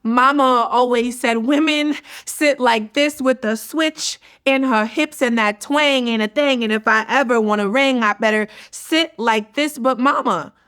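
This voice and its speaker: A woman's voice: fairly high pitch, a little slow, hardly any pauses, a bit bright, clean tone. A woman performing spoken word poetry with a rhythmic, emphatic delivery.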